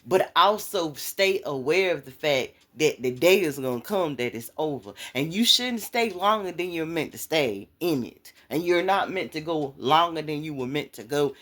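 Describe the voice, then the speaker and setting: A woman's voice: sits low, animated, moderate pace, few pauses, a bit bright. A woman giving a casual, conversational talk of faith encouragement, repeating phrases over and over for emphasis. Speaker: inspirational speaker.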